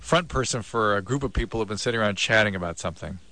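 A man co-hosting a radio show from a dry studio. His voice is low and bright, and he talks fast with a teasing, dry edge. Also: animated, no room sound. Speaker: radio co-host. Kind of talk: call-in radio banter.

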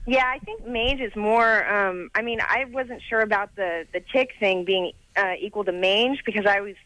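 A woman's voice: mid-range voice, moderate pace, sharp tone, dry recording, low-quality recording. Woman caller explaining insects. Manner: tentative, informal. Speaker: caller, entomologist. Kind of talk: call-in explanation.

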